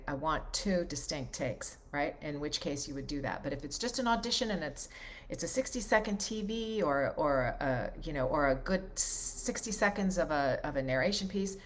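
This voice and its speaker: A woman's voice: low-pitched, expressive, moderate pace, slight background noise. A woman in her fifties, a voiceover coach, giving casual advice, often checking in with "right?" and repeating key points for emphasis.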